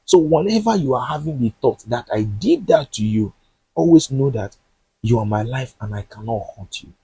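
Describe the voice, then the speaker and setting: A man's voice: mid-range voice, lively intonation, normal speed, warm tone, husky, dry recording. A man voicing a struggling father who pleads that he would never hurt his daughter. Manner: earnest, pleading. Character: struggling middle-aged father, wounded and pleading.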